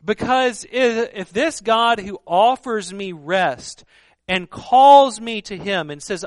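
A man preaching a sermon in an earnest, emphatic way, often dropping to a hushed voice for stress. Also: high-pitched, animated, slow, dry recording, clean studio sound. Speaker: pastor.

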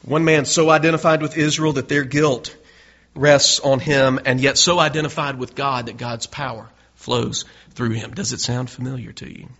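A man's voice: mid-range voice, steady tone, moderate pace, fairly bright tone. A male pastor preaching a sermon in an earnest way, building to emphatic peaks. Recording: dull lo-fi recording.

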